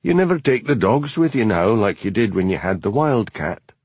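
A man's voice: lowish voice, very animated, normal speed, a little mellow, slightly rough, no room sound, lo-fi sound, heavily acted. A man voicing a big, jokey police constable with a teasing manner.

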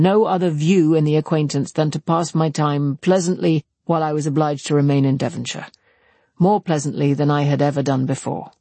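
A man reading aloud and voicing an earnest young gentleman confessing in an intense, serious way. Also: fairly high pitch, creaky, husky, no echo. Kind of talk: audiobook character voice.

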